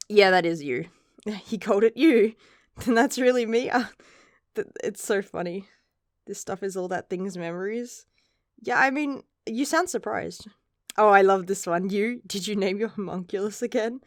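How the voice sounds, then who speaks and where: A woman's voice: mid-range voice, no echo, clean studio sound. A woman giving a casual chapter review in a chatty, rambling way, swearing now and then. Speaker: manga reviewer.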